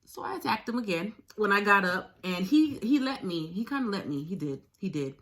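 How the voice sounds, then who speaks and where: A woman telling her own story to her viewers, speaking frankly with swearing, halting often and repeating her phrases. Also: medium pitch, lively intonation, a bit bright. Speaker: video blogger sharing a survivor story. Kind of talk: candid personal storytelling.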